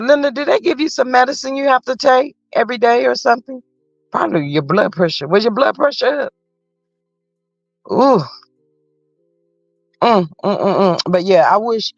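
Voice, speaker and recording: A woman's voice: mid-range voice, dry recording. A woman hosts a casual live chat, gossiping and reading viewer comments aloud. She fills the gaps with frequent mm-hmm's. The audio is dull and lo-fi, quite dry, with faint music underneath. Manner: chatty and gossipy, frequent mm-hmm interjections. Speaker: livestream host.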